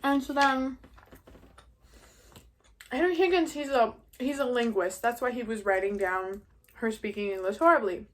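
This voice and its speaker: Here a New York vlogger, eighteen and female, talks about a musical she saw while she eats, chatty and rambling with lots of "like." Her fairly high voice moves at a moderate pace, broken by long pauses.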